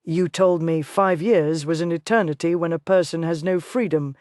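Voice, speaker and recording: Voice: medium pitch, normal speed, darkish tone, dry recording, studio quality, close to an everyday voice. A narrator voicing a wounded, brooding man fresh out of prison, in an audiobook. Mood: weary.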